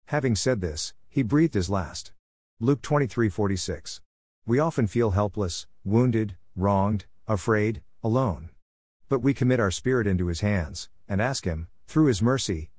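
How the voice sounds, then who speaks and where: Earnest man reading with a low, dry voice. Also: expressive, a little mellow, no echo. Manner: measured, earnest delivery. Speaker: reader. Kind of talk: reading a devotional essay aloud.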